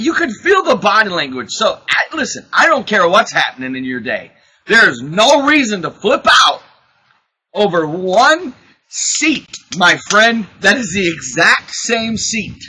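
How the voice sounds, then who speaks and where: High lively guy, husky voice, super bright, tells stories all animated and acts out the quotes. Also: rough recording. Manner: excitable storyteller, acts out quotes, laughs often. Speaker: podcast host. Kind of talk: casual chat, animated storytelling.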